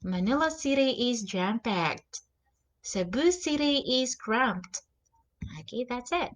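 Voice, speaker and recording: A young woman teaches English words in a relaxed, unhurried lesson. Her voice sits a little high and moves through a wide, animated pitch range. She says each new word and example sentence again, now and then gasping or exclaiming for effect. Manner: slow, repeats example words and sentences aloud. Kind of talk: casual vocabulary lesson.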